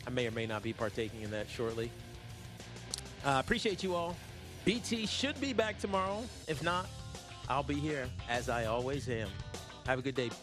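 A man hosting a sports radio show, talking at a middling pitch in a loose, rambling and jokey way, full of fillers. Faint music plays softly underneath him. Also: sing-song, moderate pace. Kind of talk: casual sports talk.

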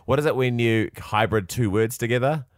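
A man's voice: medium pitch, moderate pace, no room sound, clean studio sound. A man co-hosting a podcast in casual banter, joking and laughing often. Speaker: podcast co-host.

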